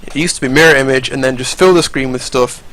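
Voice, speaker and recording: A man's voice: medium pitch, quick pace, fairly bright tone, poor audio. A young man giving casual, rambling, profane commentary over fighting game footage, often restarting his sentences.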